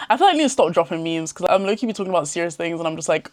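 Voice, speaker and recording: A woman's voice: on the low side, expressive, very fast, darkish tone. A young woman giving casual, chatty advice to camera in a slangy way. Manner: chatty and slangy, laughs often. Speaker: self-improvement vlogger.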